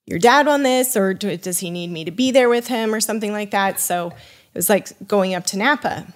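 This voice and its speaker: A woman's voice: mid-range voice, fairly quick. A woman guest on a podcast, telling a story in casual chat, acting out the voices of the people in it and filling her talk with "you know" and "like". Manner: animated, acts out quoted dialogue; loose, full of fillers like "you know" and "like". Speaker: podcast guest, wine sommelier.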